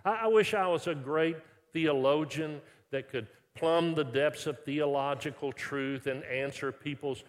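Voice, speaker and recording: A man from Texas, preaching a sermon in a lively, conversational way with frequent restarts, dropping soft when quoting scripture. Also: fairly high pitch, unhurried, hardly any pauses. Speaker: pastor. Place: large church worship center. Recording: long reverb of a large hall.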